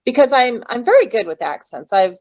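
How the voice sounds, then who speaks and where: A woman's voice: fairly high pitch, sing-song, brisk, a little mellow, no room sound, muffled recording. A woman being interviewed as an actress, talking in a chatty way that wanders off and loses its thread. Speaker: actress guest. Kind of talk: casual interview chat.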